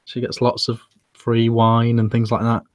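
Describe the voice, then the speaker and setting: A British man co-hosting a casual chat show, telling jokey stories in a relaxed way with fillers. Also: medium pitch, normal speed, no room sound. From United Kingdom. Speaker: podcast co-host.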